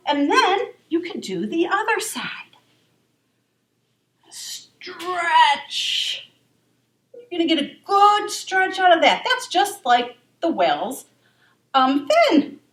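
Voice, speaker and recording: A woman leading a children's yoga class in a library room, gentle and encouraging. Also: extremely high pitch, big pitch swings, slow pace, long pauses. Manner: encouraging, gentle and sing-song. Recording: echoey room, voice from far off.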